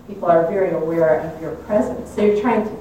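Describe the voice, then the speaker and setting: An older woman tells a reflective personal story, candid and animated, and laughs at herself now and then. Her voice is mellow and warm. She is picked up from some distance in a very echoey room with a faint hiss behind her. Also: on the low side, fast. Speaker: speaker sharing a personal story.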